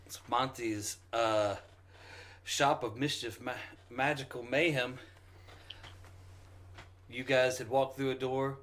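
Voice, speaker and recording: A man's voice: medium pitch, steady tone, slow pace, long pauses, fairly bright tone. A man acting as game master, opening a casual tabletop session with jokes and loose, rambling talk. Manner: joking, rambling with fillers.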